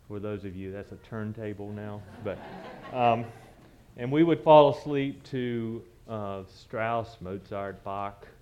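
A man's voice: lowish voice, takes it slowly, dark tone, lo-fi sound, slight background noise. A man, telling a personal story from the pulpit in a conversational, reminiscing way with frequent restarts. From southern United States. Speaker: church speaker.

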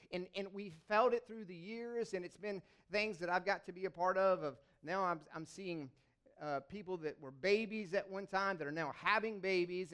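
Man, fairly high voice, conversational sermon, storytelling, frequent restarts. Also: fairly bright tone. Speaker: lay preacher.

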